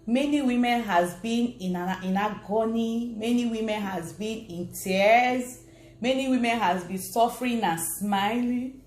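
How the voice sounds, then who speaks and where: A woman's voice: medium pitch, a little mellow. A woman with a Nigerian accent giving an earnest, repetitive motivational talk straight to her viewers. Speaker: vlogger. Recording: roomy echo.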